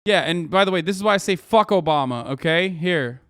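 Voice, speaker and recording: A man's voice: high-pitched, animated, a little fast, dry recording. A man in his thirties giving a heated, sarcastic and profane political rant as a streamer reacting to news clips. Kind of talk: ranting political commentary.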